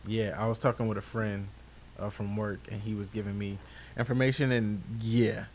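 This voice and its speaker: A man's voice: fairly low pitch, normal speed, a little hiss or hum. Easygoing man, hesitant podcast chat. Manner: relaxed and hesitant, many ums and restarts. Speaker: podcast co-host. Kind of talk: casual chat.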